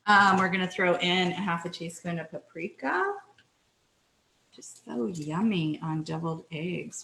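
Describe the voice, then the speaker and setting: A woman's voice: on the low side, creaky, fairly bright tone, echoey room, a little hiss or hum, low-quality recording. A middle-aged Canadian woman hosting a casual cooking show from her kitchen, chatty and self-deprecating, apologizing often as she works. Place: home kitchen.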